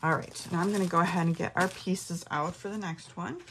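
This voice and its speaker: A woman's voice: on the low side, fairly even intonation, a little fast, slight background noise. A middle-aged woman hosting a casual craft tutorial from her home craft room, chatting and thinking aloud as she works. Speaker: craft class host.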